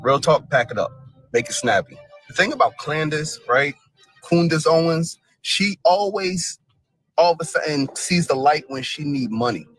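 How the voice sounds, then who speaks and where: Dismissive husky male commentator. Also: fairly high pitch, expressive, normal speed, a bit bright, dry recording, soft background music, low-quality recording. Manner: dismissive, blunt. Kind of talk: casual reaction commentary.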